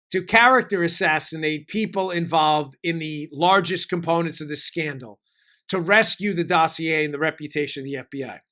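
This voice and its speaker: A man hosting a political talk show, giving rapid, sarcastic commentary and asking mock questions he answers himself. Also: a little high. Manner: rapid, sarcastic, jokey and animated.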